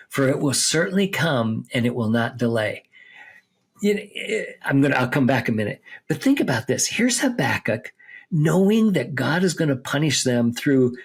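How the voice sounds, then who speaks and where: A man's voice: mid-range voice, breathy edge. A man on a podcast explaining a Bible book step by step, reading passages aloud and checking in with his listener. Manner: explains step by step, reads scripture aloud, checks with "okay?" and "right?". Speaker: seminary teacher on a podcast. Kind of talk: conversational Bible teaching.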